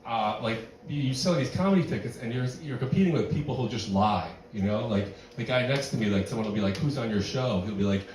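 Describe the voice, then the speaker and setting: A man's voice: mid-range voice, quick pace, few pauses, darkish tone, slight background noise. Rambling middle-aged man doing stand-up. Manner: rambling, self-deprecating, heavy use of "like". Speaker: stand-up comedian. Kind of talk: stand-up comedy set. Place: barn music venue with live audience. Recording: echoey room, distant mic, crowd laughter.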